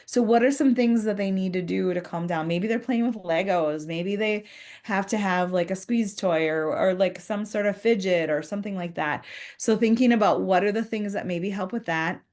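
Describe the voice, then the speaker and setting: A woman's voice: mid-range voice, normal speed, a little mellow. A woman giving a conversational professional development talk to school leaders, earnest, acting out short example dialogues.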